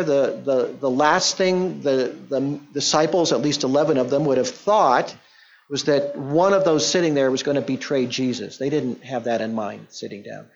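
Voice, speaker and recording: A man preaching a verse-by-verse Bible teaching in a conversational, explaining way, often acting out the quoted lines. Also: medium pitch. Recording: dull lo-fi sound.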